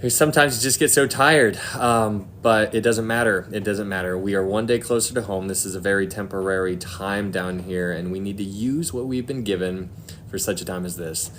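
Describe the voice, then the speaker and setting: A man's voice: lowish voice, fairly even intonation, moderate pace, a bit bright, a little hiss or hum. A man hosting a Christian live stream, chatting casually, laughing often and reading viewer comments aloud, earnest when talking about faith. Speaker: Christian livestream host. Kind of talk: casual livestream chat.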